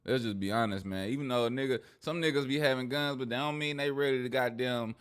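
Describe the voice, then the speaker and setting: A man's voice: medium pitch, fast, clear, resonant tone. A man doing casual reaction commentary on hip hop gossip, ranting in profane slang and laughing often. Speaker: streamer and commentator.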